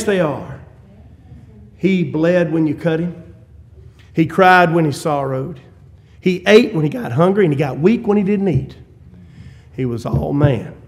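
A man preaching a sermon in a church, moving from shouted peaks to low hushed asides, with chuckles and folksy humor between his points.

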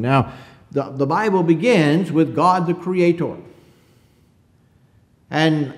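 A man preaching a conversational sermon. He asks the congregation rhetorical questions and reads scripture slowly. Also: on the high side.

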